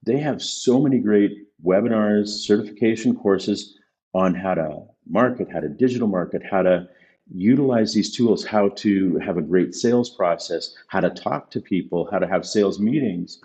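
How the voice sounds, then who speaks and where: A man's voice: fairly low pitch, moderate pace, mellow, husky. A male business consultant speaking as a podcast guest, making his points emphatically and repeating them for stress. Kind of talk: casual conversational interview.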